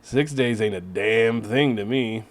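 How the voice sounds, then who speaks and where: A man streaming a game switches into a put-on fake Scottish accent, talking loud and boastful. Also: on the low side, measured pace, lightly acted. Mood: mock boastful.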